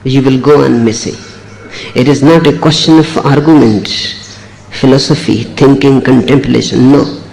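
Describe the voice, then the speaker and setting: A middle-aged man giving a spiritual discourse, speaking in short, emphatic phrases with slow, deliberate pauses. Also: medium pitch, steady tone, vocal fry, a little mellow, poor audio. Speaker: spiritual teacher.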